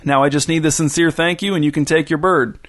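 A man's voice: a little high, fairly even intonation, fast talker, fairly bright tone, lightly acted. Man doing a pushy shopkeeper demanding thanks. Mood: insistent.

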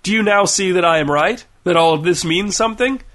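A man voicing an excitable, fatherly boat captain who speaks in a grand, insistent way. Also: high voice, fairly quick, pitched above the performer's own voice. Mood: eager.

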